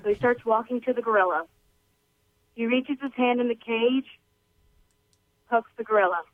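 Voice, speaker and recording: A woman's voice: on the high side, normal speed. A woman calling in by phone, telling a long joke in a casual, rambling way full of slang. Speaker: caller. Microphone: telephone. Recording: thin phone line.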